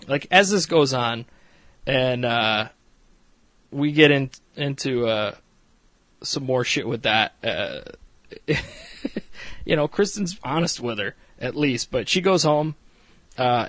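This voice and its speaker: A man's voice: mid-range voice, dry recording. A man casually recapping a reality show episode, rambling and swearing freely with frequent laughs. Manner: rambling, profane, laughs often.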